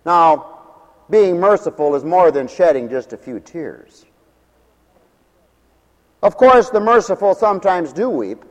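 A male preacher delivers a sermon in a high, animated voice that leaps up for emphasis and falls to near murmurs for asides. He slips into little voices to mimic everyday people. A long reverb trails after his words, as in a large hall. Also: measured pace, pauses often, dull audio. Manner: swings between raised preaching and low, quiet asides.

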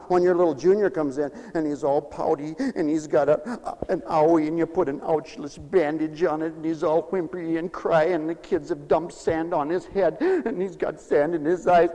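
A man, a pastor, preaching a playful, animated sermon in a church, repeating phrases and calling for responses from the congregation. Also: on the high side, long reverb tail, poor audio.

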